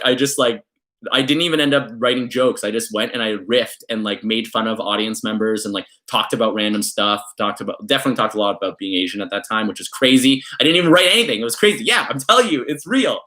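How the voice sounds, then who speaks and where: A young man from Canada vlogging, telling a personal story in a rambling, casual way full of fillers, getting animated when he acts out family members. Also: mid-range voice, brisk.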